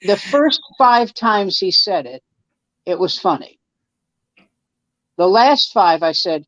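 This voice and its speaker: This man, a guest comic, shares stories in relaxed conversation, voicing the quoted lines himself and frequently starting over. He speaks slowly with long pauses, his voice sitting high, animated, and a bit bright. The sound is lo-fi, dull, and dry, without room tone.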